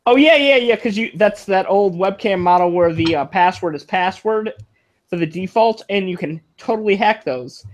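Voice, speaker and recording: A man chatting casually on a tech podcast, adding quick remarks about hacked webcams. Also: sits high, lively intonation. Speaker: podcast guest.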